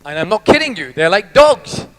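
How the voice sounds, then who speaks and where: High-voiced, animated motivational speaker man. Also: normal speed, rough recording. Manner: animated, jokey, teases the audience. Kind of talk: live motivational talk.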